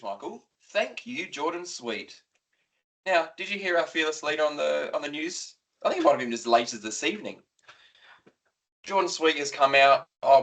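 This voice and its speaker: An Australian man co-hosting a casual footy podcast, excitable and rambling, swearing freely as he tells stories. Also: mid-range voice. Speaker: podcast co-host. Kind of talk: casual chat.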